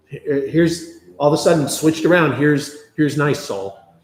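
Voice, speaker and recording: A man leading a conversational Bible study, chatty and animated, often acting out quotes. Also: fairly high pitch, measured pace. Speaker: Bible class teacher. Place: church classroom. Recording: echoey room.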